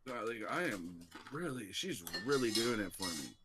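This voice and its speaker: A man's voice: on the low side, big pitch swings, moderate pace, noisy background. A man reacting to a wrestling show on a live stream, talking in a rambling, blunt, heavily profane way.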